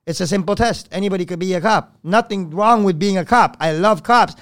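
A man, a podcast guest, telling a story in casual, blunt and profane talk that swings between loud and hushed. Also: high voice, fairly quick.

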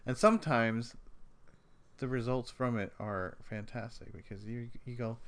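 A man's voice: medium pitch, fairly even intonation, a little slow. A middle-aged man in casual, teasing podcast chat, with dry jokes. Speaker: podcast co-host.

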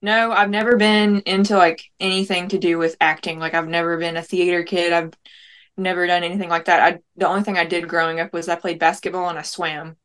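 A woman's voice: fairly low pitch, flat delivery, fairly quick, a bit bright, clear, resonant tone. A young woman talking casually as an interview guest, rambling with lots of "like" fillers. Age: young adult. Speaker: guest, prank-call comedian.

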